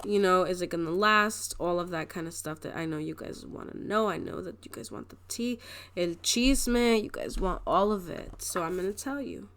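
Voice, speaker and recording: A woman's voice: fairly low pitch, animated, brisk, few pauses, a bit bright. A young adult woman giving a casual pick-a-card tarot reading, chatty and rambling, often restarting her sentences and laughing. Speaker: tarot reader.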